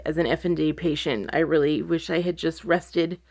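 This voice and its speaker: Her voice sits low with a steady tone and normal speed as this woman vlogger addresses her followers from indoors at home. In her video diary she rambles, full of fillers, anxious and near tears.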